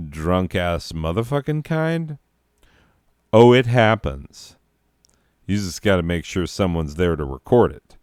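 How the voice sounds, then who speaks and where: A man tells a comic story with deadpan timing and a lot of swearing, and often breaks off to mock himself. His voice is very deep and unhurried. The recording is dry and close. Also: no room sound. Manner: deadpan, profane, self-mocking rants. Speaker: comedic narrator. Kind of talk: profane comedic storytelling.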